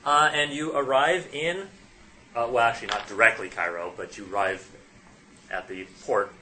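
A man narrating as game master of a tabletop game, halting often and correcting himself as he goes. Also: medium pitch, sharp tone, slight background noise. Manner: halting, with many fillers and self-corrections.

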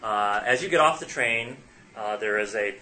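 A man narrating as game master of a tabletop game, halting often and correcting himself as he goes. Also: lowish voice, sharp tone. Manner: halting, with many fillers and self-corrections.

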